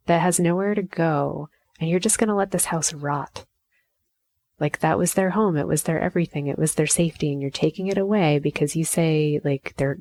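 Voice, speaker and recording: Low-voiced woman musing emotionally, dry sound. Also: a little mellow, no room sound. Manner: emotional, thinking aloud with many fillers and restarts. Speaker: podcast host. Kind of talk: reflective solo podcast monologue.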